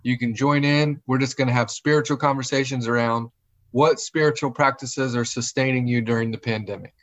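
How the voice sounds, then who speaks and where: A man's voice: mid-range voice, brisk. A male pastor talking casually and animatedly, often acting out what other people say. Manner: animated, acts out quoted voices. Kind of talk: casual conversation. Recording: dull lo-fi audio.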